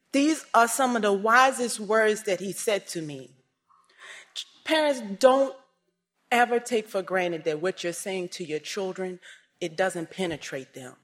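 A woman giving a personal testimony, swinging between hushed and raised, emotional storytelling. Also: mid-range voice, measured pace.

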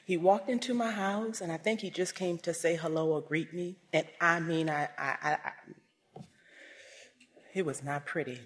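Woman telling her own story, gets quiet then loud, really emotional. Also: fairly low pitch, moderate pace. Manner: emotional storytelling, swings from hushed to raised. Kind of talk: personal testimony talk.

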